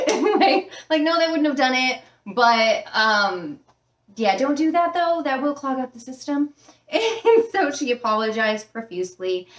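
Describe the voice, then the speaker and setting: A woman's voice: on the high side, recorded from a distance. A woman and former flight attendant telling stories at home in a chatty, casual way, full of fillers. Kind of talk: casual storytelling. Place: room at home with a fish tank. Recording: roomy sound from the mic.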